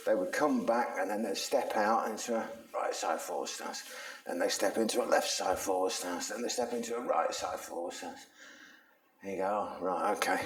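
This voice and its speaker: A man explains punches in a chatty, slangy way, telling stories as he demonstrates. His voice sits fairly low. The sound bounces around an echoey training room with a punching bag. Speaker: self-defense instructor. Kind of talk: casual instructional talk with demonstration.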